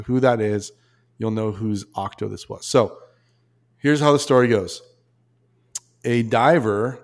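A man hosting a podcast, telling stories in a relaxed, rambling way. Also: mid-range voice. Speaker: podcast host. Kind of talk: casual storytelling chat.

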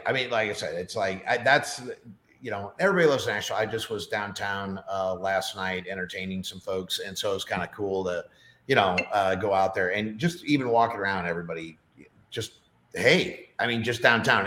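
Man, middle-aged, podcast guest, lowish voice, rambling storyteller, echoey room. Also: brisk, fairly bright tone. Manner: chatty storyteller with many fillers. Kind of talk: casual chat.

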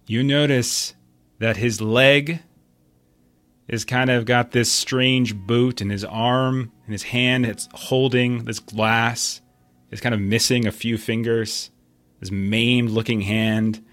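A man in the game master's seat, narrating a scene in a casual, descriptive way. His voice sits in a middle pitch and the recording is dry and close. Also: slow, dry recording. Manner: relaxed, descriptive, uses fillers like kinda.

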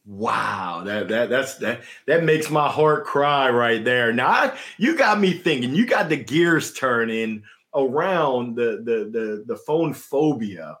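A man's voice: mid-range voice, expressive, slow pace, hardly any pauses, fairly bright tone. A man with a Southern US accent hosting a podcast, reacting to his guest with effusive, exclamatory enthusiasm. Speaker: podcast host. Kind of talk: enthusiastic interviewer chat.

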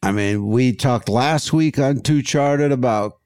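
A man's voice: mid-range voice, unhurried, darkish tone, clean tone, no echo, clean studio sound. A man hosting a comedy podcast, laid-back and goofy as he runs through plugs. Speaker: podcast host. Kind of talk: casual comedy chat.

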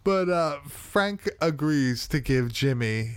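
A man's voice: a little high, lively intonation, slow, clear, resonant tone, no echo. A man hosting a podcast, casually recapping a film in a rambling way, swearing and laughing often. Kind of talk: casual chat.

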